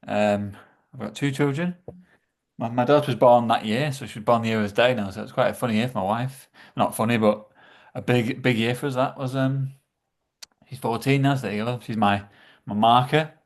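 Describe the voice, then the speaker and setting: A middle-aged man, a podcast guest talking casually, often halting and repeating words. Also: medium pitch, fairly even intonation. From England. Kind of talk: casual chat.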